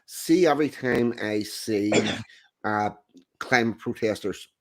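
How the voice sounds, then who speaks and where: A man's voice: lowish voice, takes it slowly. A man co-hosting a casual commentary stream, talking in a dry, matter-of-fact way. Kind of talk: casual political commentary chat.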